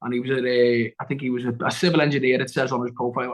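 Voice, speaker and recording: A man's voice: medium pitch, flat delivery, racing, rough recording. A man, a guest actor on a podcast, telling a long story in casual chat, rambling and restarting, acting out what people said. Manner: rambling, with many restarts and acted-out quotes.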